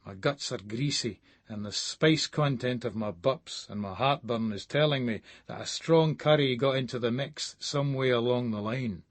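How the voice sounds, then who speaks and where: A man's voice: mid-range voice, moderate pace, few pauses, no room sound. A man with a Scottish accent reading a first-person novel as an audiobook narrator, coarse, profane and sneering.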